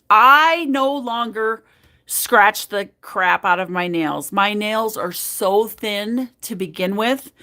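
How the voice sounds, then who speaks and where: Slow-talking chatty woman livestreaming her nails. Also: medium pitch, bright, forceful tone. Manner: chatty and affectionate, talks to chat, many fillers. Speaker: nail art livestream host. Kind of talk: casual live-stream chat while doing nails.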